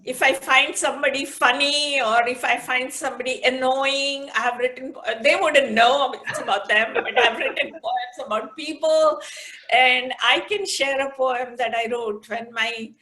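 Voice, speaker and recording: A woman's voice: high voice, fairly even intonation, unhurried, sharp tone. A middle-aged woman speaking as an interview guest, thoughtful and a little hesitant, who also reads a poem aloud. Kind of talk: conversational interview with poetry reading.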